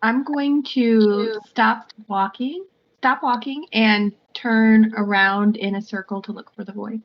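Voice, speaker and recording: A woman playing a tabletop game as an adventurer, speaking slowly and carefully. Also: fairly high pitch, steady tone, muffled recording. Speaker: player.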